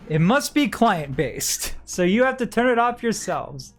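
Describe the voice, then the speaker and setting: A man's voice: high-pitched, sing-song, slow, a bit bright, faint music behind. A man running a tabletop game as game master, rambling with many fillers.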